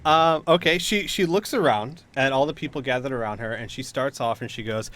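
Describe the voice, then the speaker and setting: A man's voice: mid-range voice, brisk, hardly any pauses, a bit bright. Hesitant man narrating a tabletop game. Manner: hesitant, filler-heavy narration. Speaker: game master.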